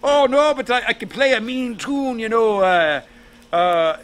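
A man's voice: very high-pitched, a little slow, a bit bright, voice pushed up. A man voicing a sly Irish trickster named Jack, with a put-on Irish brogue and a stammering, cheeky way of talking. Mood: innocent.

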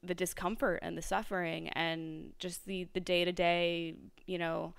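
A young adult woman hosts her own podcast alone, musing aloud and circling back on her thoughts with plenty of fillers. Her voice is very smooth and clean, pitched a little low and held fairly level. It is recorded close and dry, with no room sound. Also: flat delivery, unhurried, dry recording. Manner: reflective, rambling, many fillers and restarts. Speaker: podcast host. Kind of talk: solo podcast monologue.

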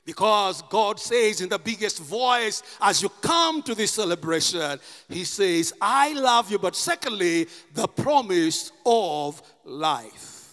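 A man preaching a sermon as pastor, impassioned and rising to shouts. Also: high-pitched, lively intonation, slow, big-room sound. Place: church.

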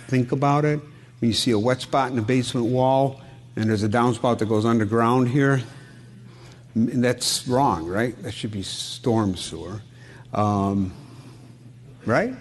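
Folksy Midwestern man giving a seminar. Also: mid-range voice. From Wisconsin. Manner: folksy, asks the audience questions, tells anecdotes. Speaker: home inspector presenting a seminar. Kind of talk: conversational seminar talk.

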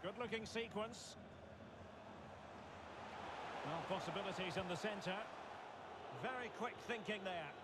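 A man's voice: high voice, moderate pace. A man giving play-by-play football commentary, calling out player names tersely and rising on chances. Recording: loud game noise behind.

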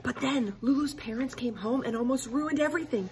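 A woman reading a children's book aloud expressively, pausing to explain the story to listeners. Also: sits high, a little mellow. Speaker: reader.

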